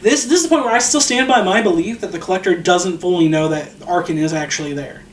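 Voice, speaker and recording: A man's voice: high-pitched, quick pace, roomy sound. A man co-hosting a podcast, recapping a film scene by scene in casual chat, acting out the characters' lines and swearing freely. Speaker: podcast co-host.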